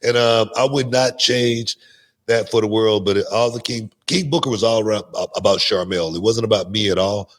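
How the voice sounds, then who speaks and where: A man guesting on a talk show, telling animated stories and often repeating words as he goes. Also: lowish voice, moderate pace. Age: older. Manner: animated, repeats words, laughs mid-sentence. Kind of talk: casual interview storytelling.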